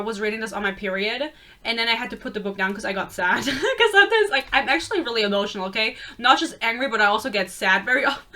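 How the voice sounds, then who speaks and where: A woman in her twenties vents about a book in a blunt, casual rant full of profanity. Her voice is bright and crisp and sits a touch high. She is exasperated and talks straight to the camera. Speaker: book reviewer.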